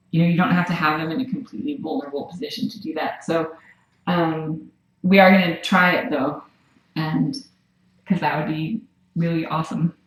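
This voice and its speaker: A cat rescue worker with a voice that sits low talks casually to a live stream camera, switching to soft, cooing, frequently whispered baby talk for a cat. The small shelter room is echoey, and the camera mic across the room captures her from a distance. Cats and faint room noise fill the background.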